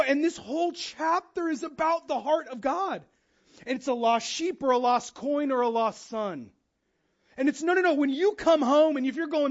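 Guy preaching a chatty sermon, really high voice, acts out quotes, kinda muffled lo-fi sound. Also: measured pace. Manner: animated, acts out quotes with shifting voice. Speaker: pastor.

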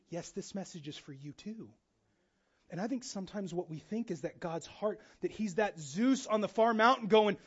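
A male pastor preaching with a very high voice and lively, casual energy. He jumps between conversational asides and acted-out quotes, swinging his tone up and down. The recording sounds dull and lo-fi. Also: normal speed, husky. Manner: animated, acts out quotes with shifting voice. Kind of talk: sermon.

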